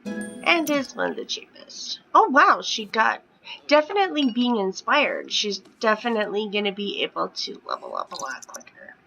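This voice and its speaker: A woman's voice: fairly high pitch, big pitch swings, normal speed, vocal fry, bright, forceful tone, faint music behind, poor audio. A woman in her thirties chatting casually at home while playing a life-sim game, often dropping into a whisper. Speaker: gaming vlogger. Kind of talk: casual gameplay commentary.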